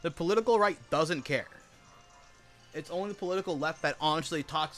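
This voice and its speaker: A man with a high-pitched voice rants during a gaming stream. He talks casually, packs his speech with fillers, and swears as he gets heated. Faint music plays behind him. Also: a little fast, a bit bright. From United States. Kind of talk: casual rant while gaming.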